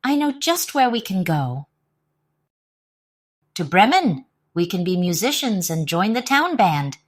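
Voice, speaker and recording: A woman voicing a quick-witted female cat in a storybook, sounding bright and eager. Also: medium pitch, sing-song. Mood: plotting.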